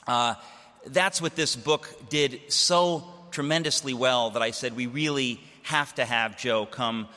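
A man's voice: medium pitch, a little slow, sharp tone, long reverb tail. A man hosting an event and introducing a speaker in an earnest way, with fillers. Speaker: event host.

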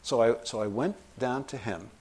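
Middle-aged guy telling a story in an interview, acts out the voices, lively. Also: mid-range voice, moderate pace, husky. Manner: animated anecdotal storytelling, acts out quoted voices. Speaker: novelist guest. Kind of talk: storytelling in conversation.

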